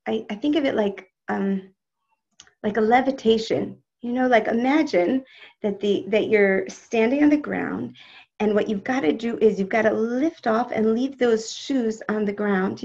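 A woman leads an inspirational religious class over a video call, and she talks straight to her listeners. Her voice sits a little high and has a gravelly fry. The audio is dull and lo-fi. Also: normal speed. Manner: expressive, talks straight to the audience and reads out their chat comments. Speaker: teacher of a live online class.

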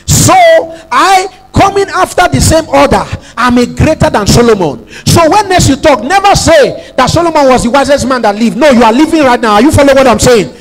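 Pastor guy with a really high voice, preaching hard, keeps asking if you're following. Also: animated, fairly quick, few pauses, soft background music, poor audio. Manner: emphatic preaching with call-and-response prompts; repeats phrases for emphasis. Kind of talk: sermon.

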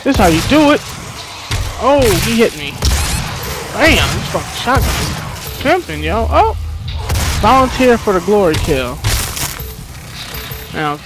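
A woman doing let's play commentary, trash-talking enemies with profanity and loud whoops. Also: mid-range voice, big pitch swings, measured pace, long pauses. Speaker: gamer playing on stream. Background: game music and gunfire.

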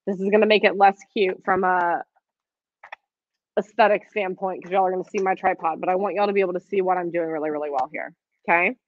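A woman's voice: fairly low pitch, fairly even intonation, fast, no echo. A woman teaching a live online quilting class, chatty and encouraging, with frequent ums as she works and answers viewer questions. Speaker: quilting instructor. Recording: dry, slightly dull stream audio.

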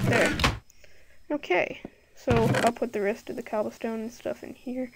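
A woman's voice: fairly high pitch, noisy background. A woman giving casual commentary while playing a game, rambling and thinking aloud with lots of fillers, recorded on a computer microphone. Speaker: gameplay video creator.

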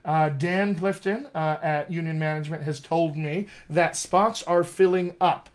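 A man with a General American accent, teaching accents in a live-streamed lesson with an energetic, emphatic manner. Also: a little high, unhurried. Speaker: dialect coach. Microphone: webcam or phone mic.

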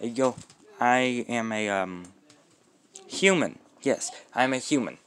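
A man's voice: medium pitch, takes it slowly, fairly bright tone, clean tone. A man voicing a nervous young male rabbit-like yokai who stammers earnestly in a homemade storybook tale. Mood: flustered.

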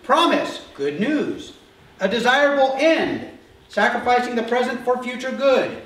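A man's voice: very high voice, animated, unhurried, a bit bright, a little hiss or hum. A male pastor preaching a conversational sermon who often asks the congregation questions, recorded in a church sanctuary. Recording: echoey church hall miked from far off.

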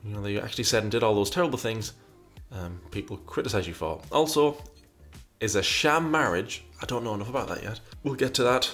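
A man with a fairly low voice hosts a casual commentary show, reading out viewer questions and answering with wry, rambling asides. He keeps doubling back and restarting his sentences. Faint music plays underneath. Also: a little fast, fairly bright tone. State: burpy after breakfast.

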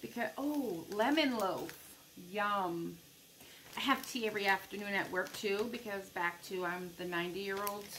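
Excitable bright-voiced woman vlogger. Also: mid-range voice, normal speed, slight background noise, low-quality recording. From United States. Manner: gushing, excitable, addresses viewers as guys. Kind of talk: casual unboxing chat.

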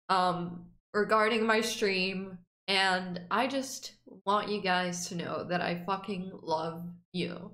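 A young woman streamer talks in a slow, unhurried way, emotional and teary, with plenty of swearing. Her voice is bright and a little high. The room around her sounds echoey. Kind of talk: casual reaction stream.

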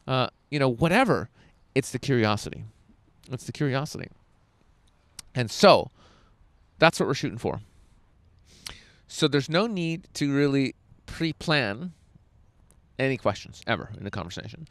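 A man coaching a seminar crowd, animated and profane, acting out little dialogues as he goes. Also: medium pitch, a little slow, no room sound. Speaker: dating coach. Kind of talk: energetic seminar talk. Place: indoor seminar room.

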